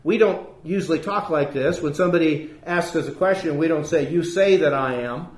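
Male preacher, emphatic sermon delivery, a touch high, echoey space. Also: brisk. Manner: earnest, emphatic, rising on key points. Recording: roomy echo.

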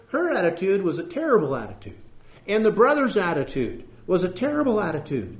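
A male preacher delivering a sermon with scripture reading, emphatic, asking rhetorical questions and repeating phrases. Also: fairly high pitch. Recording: echoey room.

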